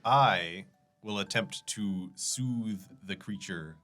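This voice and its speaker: A man's voice: on the low side, slow, a bit bright, soft background music. A young man playing a tabletop game, playfully announcing his character's actions. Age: young adult. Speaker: player. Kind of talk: casual tabletop game play.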